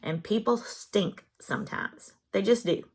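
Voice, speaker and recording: A woman's voice: mid-range voice, breathy edge. A middle-aged woman with a Southern US accent, hosting a craft channel in casual, chatty, encouraging vlog talk. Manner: chatty and encouraging, drawn-out phrasing.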